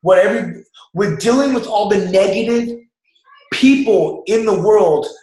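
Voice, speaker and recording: High-voiced man giving an emphatic pep talk. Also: measured pace, darkish tone. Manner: emphatic, coaching, acts out quoted doubters. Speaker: motivational speaker. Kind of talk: motivational talk to a group. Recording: echoey room.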